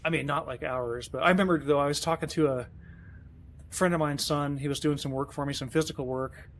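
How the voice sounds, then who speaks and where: A man's voice: fairly high pitch, steady tone, fairly quick, fairly bright tone, slight background noise. A man streaming a truck game, chatting casually and rambling, often chiding himself as he plays. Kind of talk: casual live-stream commentary.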